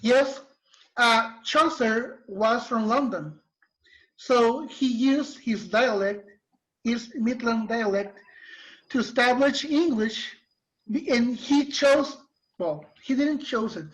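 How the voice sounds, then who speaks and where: Slow-speaking male teacher. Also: very high-pitched, fairly bright tone. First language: Spanish. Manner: patient, explains slowly with restarts. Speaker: literature teacher. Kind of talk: online class lecture. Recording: muffled lo-fi recording.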